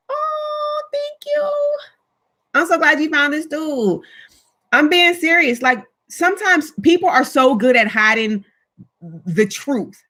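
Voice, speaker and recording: A woman's voice: a little high, sharp tone. A chatty woman hosting a casual livestream, talking emphatically and answering viewer comments. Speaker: livestream host. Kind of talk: casual live chat with viewers.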